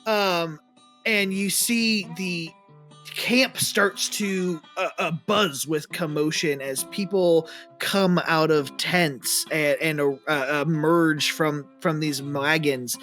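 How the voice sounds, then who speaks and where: Man, dungeon master, rambling narration, restarts, soft music underneath. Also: on the high side. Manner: rambling, many ums and restarts. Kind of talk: narrating a tabletop game.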